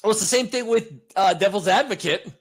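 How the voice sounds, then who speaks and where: A hoarse man co-hosting a podcast, chatting casually and joking around. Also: sits high, fairly quick. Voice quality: animated, joking. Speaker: podcast co-host. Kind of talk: casual chat.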